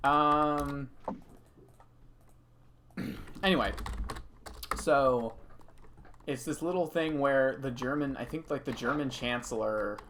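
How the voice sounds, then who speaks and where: A man talks casually on his live stream from a home room, wandering through a long story with plenty of asides. His voice sits at an ordinary pitch, and soft keyboard typing can be heard faintly behind him. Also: takes it slowly, pauses often, slight background noise. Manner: rambling, animated storytelling. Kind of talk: casual chat while gaming.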